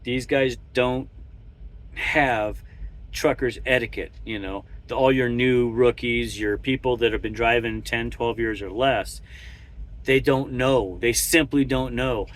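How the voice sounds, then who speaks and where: A man's voice: medium pitch, steady tone, a little slow. A man who drives a truck talks casually from his cab, rambling with many restarts and chuckles. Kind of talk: casual monologue while driving.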